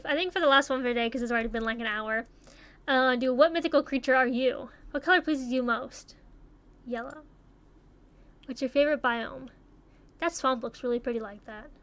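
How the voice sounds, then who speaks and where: A young woman chatting casually as she takes online quizzes, swearing freely and thinking out loud. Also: high voice. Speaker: YouTuber taking online quizzes. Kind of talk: casual commentary while playing.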